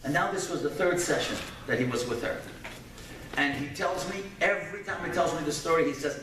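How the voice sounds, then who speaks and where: A man, a rabbi and keynote speaker, giving a lecture with personal stories, animated, then dropping to hushed tones for sad parts. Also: on the high side, brisk. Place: large event hall. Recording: echoey hall from far off, faint noise.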